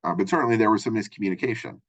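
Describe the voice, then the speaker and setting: Racing along in a lowish, fairly bright voice, a man lectures as a college communication instructor, recorded while covering a textbook chapter. His tone is conversational, and he keeps checking in with "right?" and "you know." The recording sounds dull and lo-fi.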